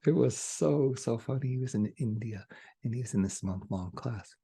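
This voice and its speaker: A man delivering a channeled spiritual message, soft-spoken and at times hushed. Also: mid-range voice, normal speed, creaky, slightly rough.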